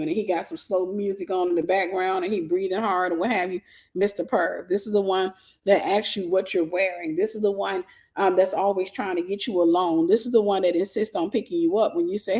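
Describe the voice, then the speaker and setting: A woman's voice: mid-range voice, a little fast. A woman hosting a casual advice talk for viewers, telling stories and acting out the voices of the people in them. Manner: animated storytelling, acting out quoted voices. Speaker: host.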